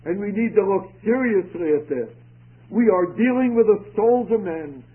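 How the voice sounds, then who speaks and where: A man's voice: high voice, expressive, normal speed, breathy edge. A man preaching a sermon in an earnest manner, his voice rising and dropping for emphasis. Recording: tinny phone-like radio broadcast.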